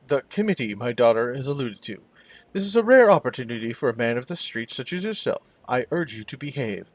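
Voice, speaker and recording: A man voicing a stern, wealthy older father in a video game, speaking low and clipped. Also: no echo.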